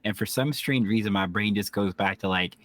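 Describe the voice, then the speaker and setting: A man's voice: fairly low pitch, fairly quick, fairly bright tone, no echo. A man co-hosting a podcast, chatting casually and reminiscing about old TV shows. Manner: conversational, nostalgic, reflective asides. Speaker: podcast co-host. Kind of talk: casual chat recapping a TV episode.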